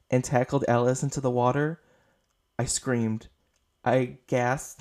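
Tired guy rambling through his podcast review, lots of likes and ums, soft warm voice. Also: medium pitch. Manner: rambling and gushing, with many fillers. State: short on sleep, up late. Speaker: podcast host. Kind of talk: casual podcast film review.

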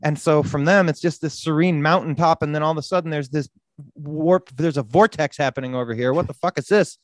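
A man hosts a casual podcast, telling a wild story in an animated way, often jumping into loud acted-out quotes and swearing freely. His voice sits a bit high for a man. It is recorded close and dry, with no room sound. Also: fairly quick, no echo. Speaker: podcast host.

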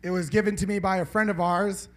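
A man's voice: high-pitched, steady tone, quick pace. A man doing a live stand-up set in a small venue, rambling and swearing as he banters with the audience. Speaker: stand-up comedian.

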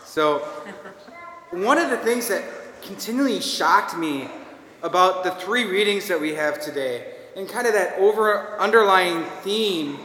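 A priest with a Minnesotan accent giving a homily in an earnest, conversational, self-deprecating way. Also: male voice, high voice, lively intonation, unhurried, bright, forceful tone. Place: church. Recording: echoey church with long reverb.

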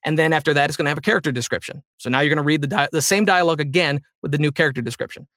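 A man talking as a guest in a casual interview about voice acting, with animated high energy. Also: very fast. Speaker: voice actor guest.

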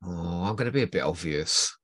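Man, animated pitch, enthusiastic, teasing, casual podcast chat, dry close mic. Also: fairly quick, no echo. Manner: enthusiastic, teasing, lively delivery. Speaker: podcast co-host.

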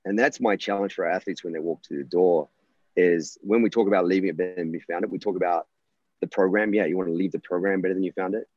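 A man's voice: low-pitched, steady tone, quick pace, darkish tone, dry recording, lo-fi sound. A college volleyball coach, a man, telling stories earnestly and passionately, often restarting his sentences. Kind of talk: conversational interview storytelling.

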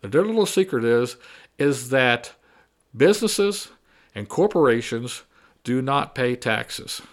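A man's voice: medium pitch, animated, a little slow. A man delivering a combative opinion monologue, repeating and mocking his opponents' arguments. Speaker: political commentator.

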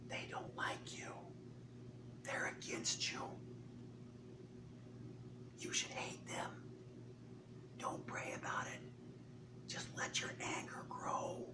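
A man's voice: takes it slowly, long pauses, roomy sound, lightly acted. Satan, a man putting on a sly tempting whisper. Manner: hushed, coaxing whisper. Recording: distant mic with faint hum.

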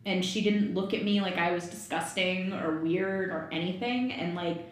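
A woman's voice: fairly low pitch, normal speed. A woman in her thirties, a podcast guest telling a personal story frankly, swearing freely and laughing often. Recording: very echoey room, faint noise.

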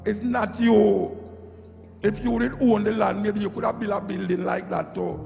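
Jamaican man with a gravelly voice. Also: high-pitched, steady tone, normal speed. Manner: preachy, repeats phrases for emphasis. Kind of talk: impassioned monologue. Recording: echoey hall with loud music.

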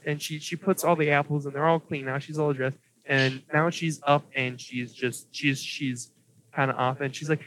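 A man's voice: fairly high pitch, steady tone, moderate pace, a bit bright, slight background noise, rough recording. A young man narrating as game master of a tabletop game, hesitant and nervous, with many fillers.

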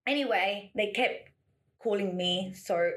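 A young woman recounts an anecdote in loose, chatty talk. She speaks at an average pitch, breaks into laughter often and slips into voices to act out what others said. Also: slow. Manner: animated, laughs often, acts out quotes. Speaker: storyteller guest. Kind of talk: casual anecdote, podcast chat.

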